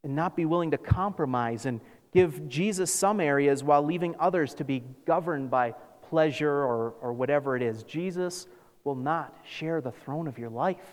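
A man preaching a sermon as pastor, animated, acting out scripture with sarcastic asides. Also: fairly high pitch, moderate pace. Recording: long reverb of a large hall.

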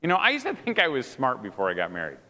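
Middle-aged male preacher, bright and animated, joking with the crowd, big hall with long reverb. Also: mid-range voice, quick pace. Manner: animated, jokey, acts out quoted voices. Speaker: speaker at a marriage event. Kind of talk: humorous sermon. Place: large hall before an audience.

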